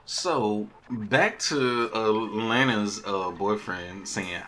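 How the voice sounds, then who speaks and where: A man's voice: fairly low pitch, drawn-out words, a bit bright. A man hosting a casual podcast and recapping a TV episode, telling it animatedly and acting out lines in different voices. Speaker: podcast host.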